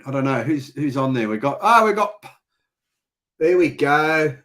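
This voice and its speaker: A man's voice: on the high side, animated, a little slow, fairly bright tone. An Australian man hosting a casual live-stream chat, teasing and bantering with his guest. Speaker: host.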